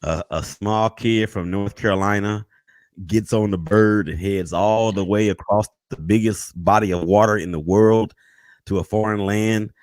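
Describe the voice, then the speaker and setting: Male host, low voice, dry close sound, easygoing conversational delivery. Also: moderate pace, dry recording. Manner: relaxed, conversational with fillers. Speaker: interview host. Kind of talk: casual interview.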